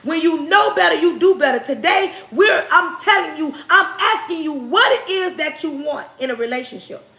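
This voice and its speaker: Woman, livestream host, preachy and emphatic, high-pitched, in a roomy space. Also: animated, moderate pace. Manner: preachy, emphatic, scolding, often shouting. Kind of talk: relationship advice livestream. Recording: roomy echo.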